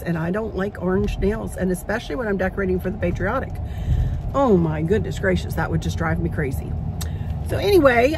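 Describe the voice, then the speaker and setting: A woman in her sixties hosting a casual vlog, chatting candidly and emotionally from the driver's seat of a car. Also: mid-range voice. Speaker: craft and decor channel host. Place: inside a car. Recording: noisy car interior.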